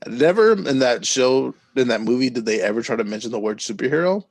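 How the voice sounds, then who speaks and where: Man, podcast co-host, casual wry chat, gravelly, dry close sound. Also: mid-range voice, lively intonation, brisk, dry recording. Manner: wry, reads out film synopses.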